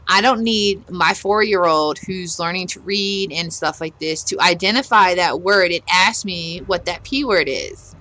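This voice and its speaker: A middle-aged woman plays a game for her gaming vlog while venting her exasperation in a blunt, casual rant with a sharp edge. Her low-pitched voice is bright and forceful. The audio is poor, with slight background noise.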